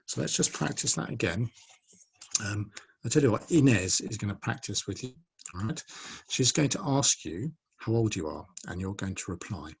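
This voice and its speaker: A man's voice: on the low side, expressive, moderate pace, gravelly, slightly rough. A man in his forties teaching a French lesson to children, patiently drilling pronunciation and encouraging them to repeat. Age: 40s.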